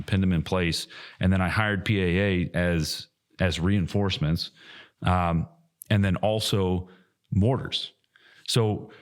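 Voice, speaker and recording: A man co-hosting a podcast, telling a heated, profane story with loud mocking quotes. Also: deep voice. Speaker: podcast co-host. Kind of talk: casual podcast chat.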